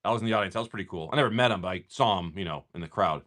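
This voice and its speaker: A man's voice: sits low, racing, a bit bright. A middle-aged man casually chatting and swearing while he opens card packs for viewers on a livestream. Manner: chatty, swearing, rambling storyteller. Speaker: livestream card-breaking host.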